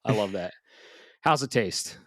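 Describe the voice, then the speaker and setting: A man co-hosting a casual gaming podcast, slightly out of breath, swearing freely and swinging from loud bursts to low mutters. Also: expressive, measured pace, no room sound, studio quality. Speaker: podcast co-host.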